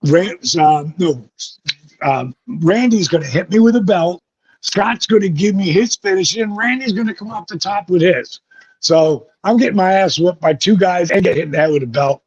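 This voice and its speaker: A man being interviewed, telling lively, profane stories and acting out the voices of the people in them. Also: high-pitched, moderate pace, breathy edge, no room sound. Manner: vivid, profane storytelling that acts out quoted voices. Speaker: guest, former pro wrestler. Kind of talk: animated storytelling interview. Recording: dull lo-fi recording.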